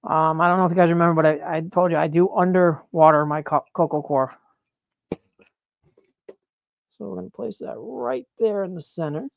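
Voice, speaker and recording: Excitable guy live-streaming his mushroom grow, gravelly voice, dry close sound. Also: on the high side, moderate pace, long pauses, no room sound, phone-quality sound. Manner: excitable, chatty, laughs and apologizes often. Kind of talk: live-stream chat while working. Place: grow room, indoors.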